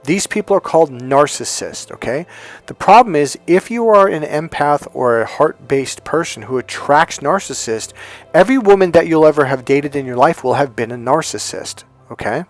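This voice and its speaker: A man's voice: a little high, lively intonation, moderate pace, faint music behind. A man hosting a dating advice talk, telling his own story in a candid, emphatic way and repeating phrases for stress. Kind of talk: personal storytelling monologue.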